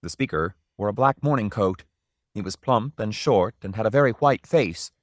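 A man reads a story aloud in a measured, even storytelling manner. His voice sits fairly low. The recording is dry and close, with no room echo. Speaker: narrator. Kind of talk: scripted audiobook narration.

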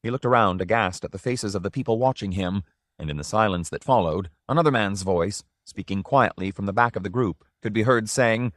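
A man narrating a story in a measured, even storytelling manner. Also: lowish voice, no echo, clean studio sound.

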